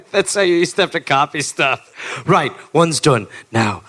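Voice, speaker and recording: A man's voice: fairly high pitch, unhurried, slight background noise. A man co-hosting a live comedy podcast, making jokes and playing along with the story. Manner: joking riffs, shouting like an excited rowboat crew member. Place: live stage in front of an audience.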